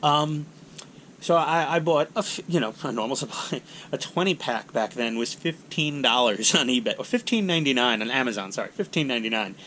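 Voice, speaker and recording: A man's voice: mid-range voice, expressive, fairly quick, pushed and bright, slight background noise. A middle-aged man, hosting a hobby channel in casual, rambling, self-mocking talk. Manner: chatty, self-mocking, acts out voices in anecdotes.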